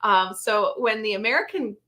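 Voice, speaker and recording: Bright giggly woman show host. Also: mid-range voice, lively intonation, normal speed. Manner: giggly, reads out comments. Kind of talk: casual chat, reading viewer comments aloud.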